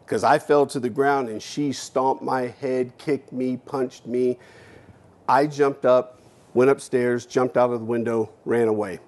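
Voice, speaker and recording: A man gives a keynote speech from a university stage, telling a personal story in a mid-range voice. His delivery is dramatic, dropping to a hush and then rising to emphatic punches. He acts out his own past remarks and swears casually. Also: medium pitch, fairly even intonation, a little slow. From United States. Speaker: keynote speaker.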